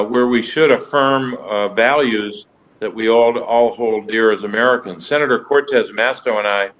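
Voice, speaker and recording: A man, a senator joining remotely, making formal, deliberate remarks to a nominee at a hearing. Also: medium pitch, fairly bright tone, poor audio. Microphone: remote video link.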